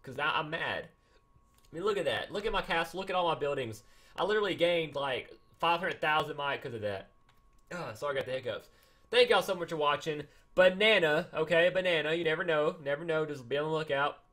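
A man giving casual, excitable gameplay commentary, repeating himself and acting mock-angry. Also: a little high, fairly quick. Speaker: gaming YouTuber.

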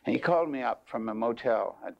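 A man's voice: expressive, quick pace, vocal fry. An older man preaching a sermon in a folksy way, telling a long personal story. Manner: folksy, rises in pitch when telling stories. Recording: dull lo-fi tape.

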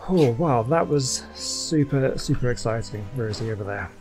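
Guy chatting over his game, rambly and excitable, lots of ums, bit of music in the back. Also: mid-range voice, normal speed. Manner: chatty, rambling, many fillers and restarts, excitable. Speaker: let's play gamer. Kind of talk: casual gameplay commentary.

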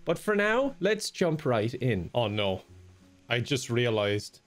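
A man's voice: mid-range voice, big pitch swings, slow pace, soft background music. A young Irish man giving self-deprecating, comedic commentary while playing a game at his home desk, laughing often. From Ireland. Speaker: gaming YouTuber.

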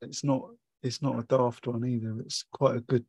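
A man's voice: mid-range voice, little pitch movement, moderate pace, a little mellow, slight background noise, poor audio. A man giving a casual watercolour painting demonstration, chatty and rambling as he thinks aloud. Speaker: watercolour tutor.

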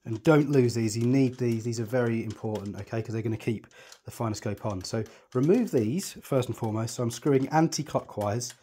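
Working through a telescope setup one step at a time, this presenter talks at a brisk clip with few pauses. His medium-pitched voice is mellow, and there's a little hiss or hum in the recording. He's chatty and reassuring, often thinking aloud as he goes.

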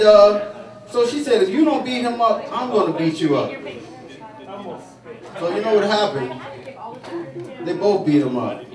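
A man working a saloon stage as a stand-up comic, rambling through his stories with fillers and restarts. His voice sits fairly high. The recording is distant and echoey, with a crowd audible around him. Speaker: stand-up comedian. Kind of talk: stand-up routine. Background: audience laughing.

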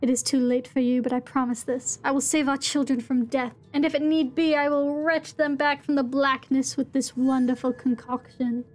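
A woman voicing a grandiose Victorian gentleman in a put-on English accent, reading his journal theatrically. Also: sits high, flat delivery, normal speed, few pauses, natural voice. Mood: pompous.

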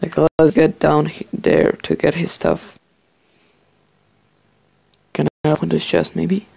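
Man gamer, casual play commentary, gravelly and unhurried, jokey bragging and frequent swearing, dry close sound. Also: fairly high pitch, dry recording. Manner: excitable, swears, jokingly boasts. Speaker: gamer playing a survival match. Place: his bedroom.

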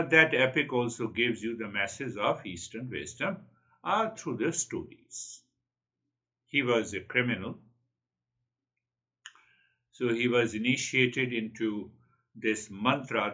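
A man's voice: medium pitch, lively intonation, slow pace, long pauses, bright, forceful tone, highs cut off. A man giving a spiritual talk, earnest and repeating his key phrases. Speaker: spiritual teacher.

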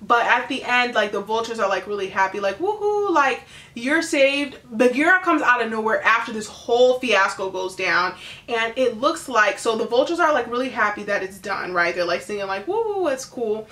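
A woman's voice: fairly high pitch, roomy sound. A woman casually recapping a movie she just watched, chatty and full of fillers, briefly acting out the characters. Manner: animated, acts out characters in quick impressions. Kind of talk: casual chat.

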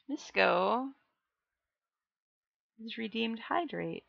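A woman's voice: medium pitch, moderate pace, pushed and bright, dry recording, lo-fi sound. A woman reading a novel aloud on a livestream, breaking off for jokey chats with her viewers. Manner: jokey, chatty asides to chat. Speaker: livestream book reader.

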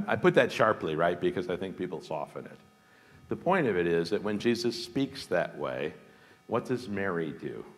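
A man with a very low voice gives an informal talk, thoughtful and emphatic, often pausing on fillers and restarting his phrases. His voice carries a long reverb, as in a large hall. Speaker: guest speaker, seminary dean. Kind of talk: informal lecture with questions.

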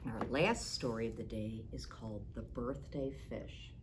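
A woman librarian reading a picture book aloud for a virtual storytime, with gentle asides to the children, in a library. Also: a bass voice, measured pace, noisy background. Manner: gentle asides to young listeners. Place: public library.

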